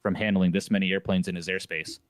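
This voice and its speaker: Emphatic low-voiced man, dry close sound. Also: fairly even intonation, fast talker, no echo. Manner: emphatic, opinionated, repeats phrases for emphasis. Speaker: flight sim streamer on a panel. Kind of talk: casual panel discussion.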